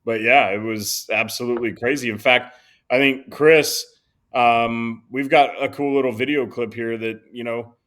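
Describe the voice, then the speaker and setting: A man hosting a sports podcast in a relaxed, casual way, setting up clips for the others. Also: medium pitch, moderate pace. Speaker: podcast host.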